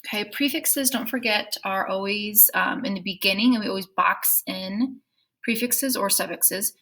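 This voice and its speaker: A woman's voice: medium pitch, moderate pace, pushed and bright, rough recording. A woman teacher walking second graders through a phonics worksheet, patiently explaining each step and checking in with "okay?". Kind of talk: phonics lesson walkthrough.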